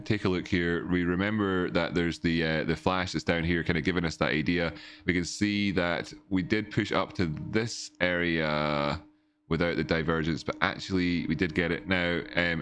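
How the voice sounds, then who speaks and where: A man's voice: low voice, fairly even intonation, normal speed, fairly bright tone. A man, rambling through casual live-stream chart analysis from home, repeating words and chatting with viewers. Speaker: livestream market analyst.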